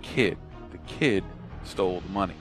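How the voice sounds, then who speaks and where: A man's voice: sits low, moderate pace, faint music behind. A young man from Florida telling a rambling story on a podcast, swearing a lot and acting out what people said. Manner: animated, rambling, swears a lot, acts out quotes.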